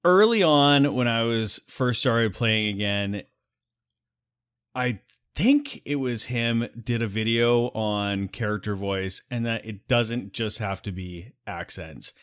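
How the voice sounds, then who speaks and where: A man's voice: on the low side, slow, a bit bright, smooth. A man playing in the group, chatting casually on a podcast and mocking himself as he jokes. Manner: self-mocking, joking. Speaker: player.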